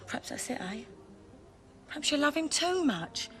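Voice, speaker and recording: A woman's voice: high voice, sing-song, moderate pace, a bit bright, slight background noise. An actress playing a caring, down-to-earth friend in a 1980s TV soap, with a coaxing, motherly manner. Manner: coaxing, motherly, says mate. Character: caring, down-to-earth London friend giving advice.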